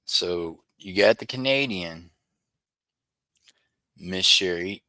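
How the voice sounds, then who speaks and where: Chatty man, bright and dry. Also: sits low, slow, dry recording. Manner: chatty, apologetic, excitable over finds. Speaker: livestream host searching coin rolls. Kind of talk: casual livestream chat with viewers.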